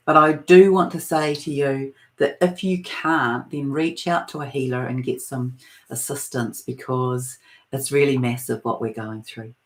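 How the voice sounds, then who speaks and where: Woman with a New Zealand accent, spiritual channeler; soft, meandering delivery with frequent pauses. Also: rumbling low, steady tone. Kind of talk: live-streamed spiritual talk.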